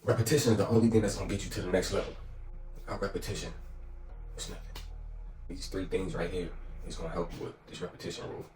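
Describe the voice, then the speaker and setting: A man's voice: sits low, fast, long pauses. A man giving a casual motivational talk, slangy and emphatic, repeating his phrases for weight. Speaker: motivational speaker. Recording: echoey room, distant mic, music behind.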